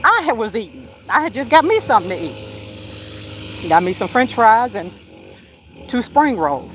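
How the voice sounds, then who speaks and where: A woman hosting a livestream, telling a story in an animated, slangy way while walking outdoors and talking into her phone. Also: fairly high pitch, normal speed, pauses often, slight background noise. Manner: chatty, animated retelling with slang and swearing. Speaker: psychic medium and livestream host. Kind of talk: casual live storytelling.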